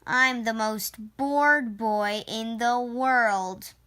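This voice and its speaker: A woman voicing a bored young shepherd boy in a storybook read-aloud, with drawn-out, sighing complaints. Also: on the high side, fairly even intonation, pushed and bright, exaggerated voice.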